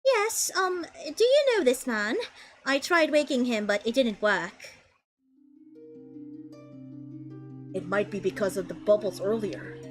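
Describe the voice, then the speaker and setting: A woman putting on a calm, fashionable British young woman. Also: on the high side, normal speed, faint music behind. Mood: gentle.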